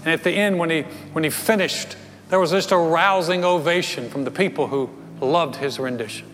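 A man preaching a sermon to his congregation, telling a story with earnest, building delivery. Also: on the high side. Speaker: pastor. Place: church sanctuary. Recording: long hall reverb with soft music.

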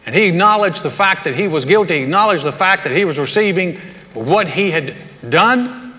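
A man delivers a sermon with a bright, forceful voice that sits a little high. He tells the story casually and animatedly and slips in jokes. The recording has the long reverb of a hall. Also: normal speed. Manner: conversational, animated storytelling with humor. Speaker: pastor.

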